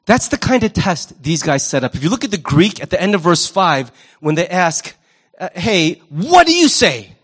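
A male pastor preaching a sermon in an animated, wry way, often jumping into quoted voices. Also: fairly high pitch, normal speed.

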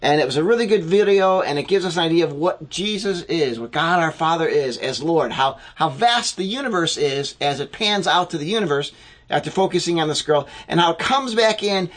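A man preaching a sermon as pastor, talking in a slow, reflective way with occasional fillers. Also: a little high, lively intonation.

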